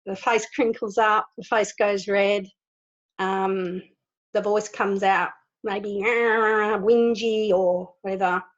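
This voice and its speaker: A woman leading a spiritual discussion over a video call. She speaks at a middling pitch, earnest and animated, and she laughs often. The audio is slightly dull and lo-fi. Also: slow pace. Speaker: spiritual group leader. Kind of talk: informal spiritual talk.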